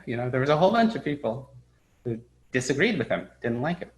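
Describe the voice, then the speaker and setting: Halting, storytelling male Buddhist teacher. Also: medium pitch, gravelly, poor audio. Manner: relaxed, halting, many fillers and restarts; tells stories, briefly acting out quoted people. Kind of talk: dharma talk.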